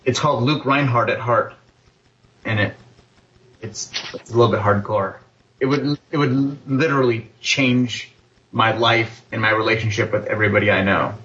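A man's voice: medium pitch, moderate pace, a bit bright, dull audio. A man speaking earnestly and candidly as a panelist. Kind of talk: panel discussion.

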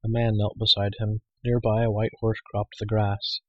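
A man narrating an audiobook in a steady, even storytelling manner. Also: fairly low pitch, moderate pace, dry recording, highs cut off.

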